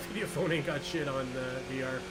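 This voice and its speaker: A man's voice: medium pitch, moderate pace, heavy background noise. A man streaming a sim race, chatting and joking with viewers while he drives. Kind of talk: casual live-stream chat while racing.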